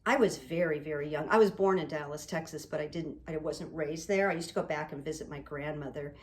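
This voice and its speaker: A middle-aged woman hosting her own video channel, talking in a rambling, earnest way to camera and reading quotes out slowly. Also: sits low. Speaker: psychic coach and YouTube host. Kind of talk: casual to-camera monologue.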